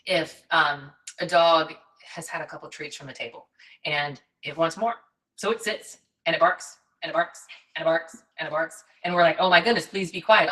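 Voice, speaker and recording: A woman talks easily as a host, her voice sitting a touch low. Her chat is casual and friendly, with plenty of small fillers. She now and then slips into high baby talk. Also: pushed and bright, far from the mic, poor audio. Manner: chatty, drops into high baby talk with puppies.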